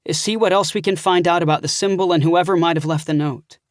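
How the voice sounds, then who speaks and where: A man's voice: fairly high pitch, steady tone, a little fast, no room sound, clean studio sound, lightly acted. A man doing a firm young woman leader. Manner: firm and organized. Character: calm decisive young woman, group leader.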